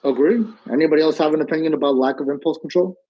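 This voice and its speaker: A man's voice: on the high side, rapid-fire. A man in a casual debate, goofy and mock-innocent, rambling on purpose. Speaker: debate participant. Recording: muffled lo-fi sound.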